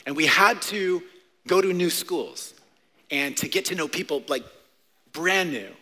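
A man in his forties, a pastor preaching a playful, animated sermon to a church congregation. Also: on the high side, a little slow. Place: church sanctuary. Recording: long hall reverb.

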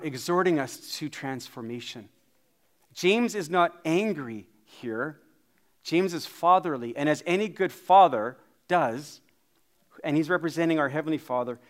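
A man's voice: a little high, a bit bright. A middle-aged man preaching a sermon in a chatty, self-deprecating storytelling way. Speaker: pastor.

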